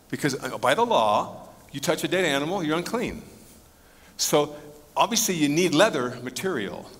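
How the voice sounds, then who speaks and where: In a church sanctuary before a live audience, a man with a mid-range, slightly bright voice preaches an expository Bible sermon in a conversational style. He asks the congregation questions and tosses in joking asides, all carried on the long reverb of a church hall.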